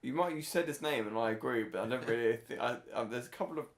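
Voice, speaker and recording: A man's voice: medium pitch, fast talker. A man co-hosting a film podcast in casual chat, rambling and hesitant, often trailing off. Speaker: podcast co-host.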